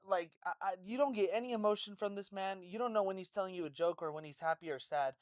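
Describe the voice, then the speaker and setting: A woman co-hosting a casual chat, telling a story in an animated way, swearing and laughing a lot. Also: mid-range voice, quick pace, no room sound, studio quality. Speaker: podcast co-host.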